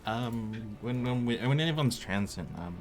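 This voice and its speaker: A man's voice: mid-range voice, lively intonation, a little slow, a little mellow, faint music behind. A man playing a tabletop game, talking in character hesitantly with many ums. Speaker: player. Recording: noisy mic.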